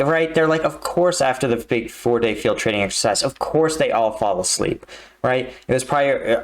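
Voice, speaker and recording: A man hosting a reaction video, talking casually and often checking in with the listener. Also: mid-range voice. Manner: conversational, leans on tag questions like "right?". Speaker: reaction video host, army combat veteran. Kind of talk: casual commentary.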